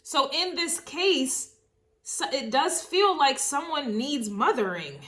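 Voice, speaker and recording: A woman reads tarot cards in a loose, casual monologue, her voice sitting a bit high. She sounds emotional and circles back over her words as she thinks aloud, now and then swearing. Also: animated, takes it slowly, a bit bright. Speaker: tarot reader.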